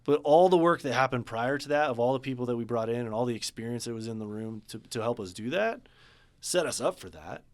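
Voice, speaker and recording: Man, business coach, podcast guest, earnest, animated storytelling, casual interview talk. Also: mid-range voice, quick pace.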